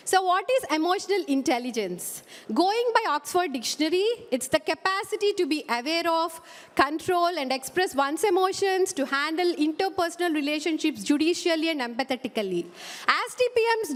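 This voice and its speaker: A woman in her forties giving an energetic, chatty lightning talk at a conference, acting out her younger self in quoted asides. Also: high-pitched. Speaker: conference speaker. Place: conference hall. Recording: long hall reverb.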